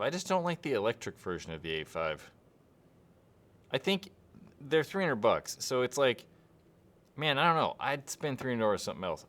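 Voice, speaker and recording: A young man hosting a live stream answers chat questions casually, rambling and hesitating with many fillers. His voice is lowish and a bit bright.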